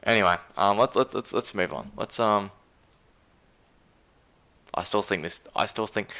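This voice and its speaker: A man's voice: lowish voice, measured pace, long pauses, bright, forceful tone. A man with an Australian accent hosting a casual live stream, rambling and incredulous as he reads chat aloud. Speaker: stream host.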